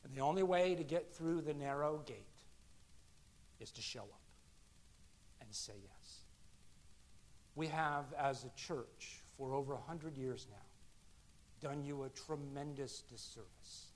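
A male pastor preaching a sermon, swinging between loud, ringing shouts and hushed, low asides. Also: takes it slowly, long pauses.

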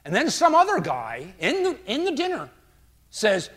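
An older male pastor preaching a sermon through a story, animated and acting out quotes as he goes. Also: very high voice, moderate pace, breathy edge.

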